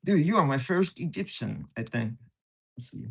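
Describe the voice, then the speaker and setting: A man on a casual live stream, excitably answering and teasing his viewers, recorded on a camera set on a tripod. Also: mid-range voice, moderate pace, creaky, husky. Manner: excitable, jumpy, teasing, answers chat messages aloud.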